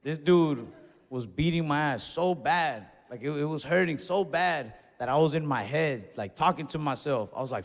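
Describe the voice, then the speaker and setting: A young man telling a stand-up story in a laid-back, swearing way, acting out his own yells. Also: a little high, moderate pace, creaky. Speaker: stand-up comedian. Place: comedy club stage. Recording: live stage recording in a reverberant hall.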